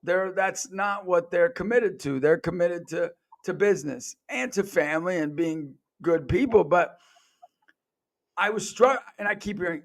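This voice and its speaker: Gravelly, fairly high-pitched male podcast host. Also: unhurried. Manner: earnest storytelling, acts out quoted voices. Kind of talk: casual podcast conversation.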